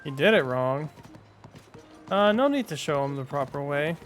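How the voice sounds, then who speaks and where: A man's voice: a little high, lively intonation, moderate pace, soft background music. A man streaming a video game, chatting playfully with his viewers and joking at the game. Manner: playful, talks to chat, jokey exclamations. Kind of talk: casual gameplay commentary.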